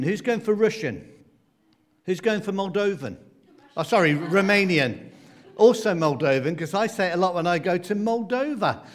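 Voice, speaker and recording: Man, slightly high voice, playful quiz host, family church talk. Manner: playful quiz-master, coaxing children to raise hands. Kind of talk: lively talk to a family congregation.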